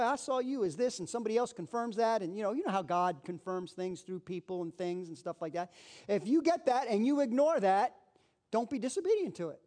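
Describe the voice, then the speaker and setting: Brief: male pastor, very high voice, animated sermon delivery with acted-out voices. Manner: lively preaching, acts out voices.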